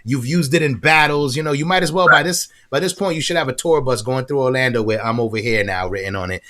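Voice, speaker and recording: Dude hosting a podcast, hyped, keeps repeating himself, normal mid voice. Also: male voice, mid-range voice, fast, hardly any pauses. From Florida. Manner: animated, hypes the guest, repeats words. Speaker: podcast host. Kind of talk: casual podcast chat.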